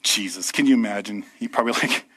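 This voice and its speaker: A man preaching a sermon to a live church audience, with a lively, conversational delivery that often checks in with the room. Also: lowish voice, fast, breathy edge.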